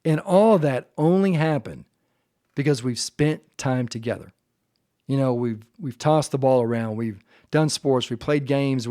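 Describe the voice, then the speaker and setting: A man hosting a podcast, talking earnestly and with deep feeling about his family and faith, at times choked up. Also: dark tone, no echo, clean studio sound. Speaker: podcast host. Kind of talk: heartfelt faith-based podcast monologue.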